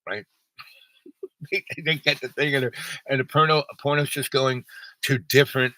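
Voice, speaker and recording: A man's voice: medium pitch, fairly even intonation, moderate pace, bright, forceful tone, no room sound, rough recording. A man telling a long personal story in a rambling, casual way, full of fillers and restarts, acting out other people's lines with a raised voice.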